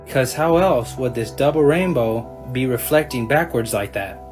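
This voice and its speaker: A man's voice: mid-range voice, lively intonation, moderate pace, a little mellow. A man giving earnest, explanatory narration that quotes Bible verses. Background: guitar music.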